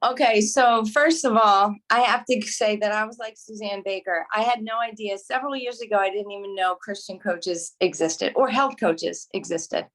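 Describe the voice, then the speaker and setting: A woman's voice: medium pitch, normal speed, hardly any pauses, a bit bright. A woman mentor giving an earnest, enthusiastic testimonial on a casual video call. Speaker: mentor and graduate sharing experience.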